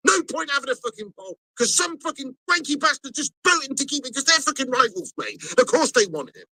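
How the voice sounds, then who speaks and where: A man rants angrily through a live football watch-along, swearing at every turn. His voice sits high and sounds sharp and bright. The sound is dry and close. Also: lively intonation, a little fast, dry recording, rough recording. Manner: angry, swearing rant. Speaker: football fan streamer.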